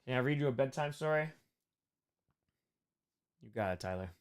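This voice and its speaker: A young man hosting a charity livestream, chatting casually and telling silly made-up stories in a deadpan way. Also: mid-range voice, moderate pace, clear, resonant tone. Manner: playful, breaks into sudden loud shouted donor shout-outs. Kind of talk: casual live stream chat, improvising silly stories.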